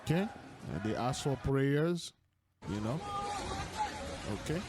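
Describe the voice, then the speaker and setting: A man's voice: medium pitch, lively intonation, takes it slowly, over a noisy crowd, very noisy. A man commenting over video clips as an online preacher, repeating his points emphatically and addressing listeners as beloved.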